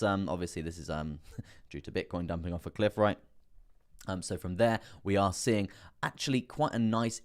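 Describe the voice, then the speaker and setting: Young male streamer, deep low voice, laid-back rambling chart talk to his viewers. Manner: chatty, fillers, repeats phrases, addresses viewers as guys and man. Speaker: crypto live stream host. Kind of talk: casual live chart analysis.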